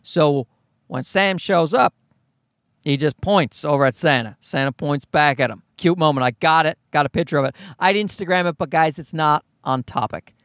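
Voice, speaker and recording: High-voiced, profane man telling stories. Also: normal speed, a bit bright, no echo, studio quality. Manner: profane, sarcastic and rambling. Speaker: podcast host. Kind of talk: comedic storytelling monologue.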